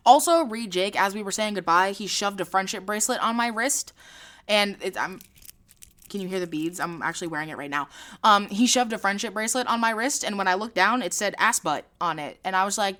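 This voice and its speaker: A woman's voice: medium pitch, lively intonation, fairly quick, pushed and bright. A young woman chats through her own podcast in a loose, casual way. She laughs often and swears freely, and her voice sits in an ordinary middle range. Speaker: podcast host. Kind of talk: casual chat.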